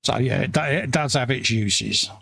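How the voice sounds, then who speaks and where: A man's voice: medium pitch, moderate pace, vocal fry, sharp tone, no room sound. A middle-aged man co-hosting a live hobby stream, joking and laughing as he reads out chat messages. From England. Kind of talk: casual banter.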